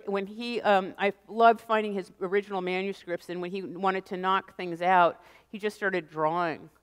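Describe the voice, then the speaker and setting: A woman's voice: medium pitch, smooth. Woman lecturer, joking storyteller, clean resonant voice, big echoing auditorium. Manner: lively, chatty storyteller who jokes with the audience. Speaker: guest lecturer. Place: lecture hall stage. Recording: long reverb of a large hall.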